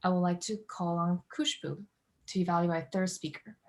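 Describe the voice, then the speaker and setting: A woman's voice: on the low side, fairly even intonation, moderate pace. Upbeat woman hosting a club meeting. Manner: upbeat, instructive. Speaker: meeting facilitator.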